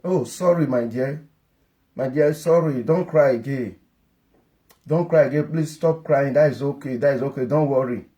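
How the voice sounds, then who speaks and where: A man's voice: mid-range voice, normal speed, dark tone, lightly acted. A man voicing a mother who coaxes a crying child, repeating comforting phrases over and over. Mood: soothing.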